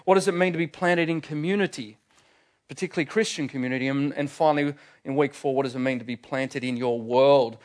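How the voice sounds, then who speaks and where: A man's voice: medium pitch, quick pace. A man preaching a sermon in a church, earnest and emphatic, with frequent fillers.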